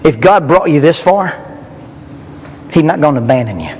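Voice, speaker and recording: A middle-aged man's slightly high, a little mellow voice is expressive and moderately paced as he preaches a sermon at a youth rally in a church. He speaks earnestly and emphatically, asking rhetorical questions, amid long reverb and faint background noise.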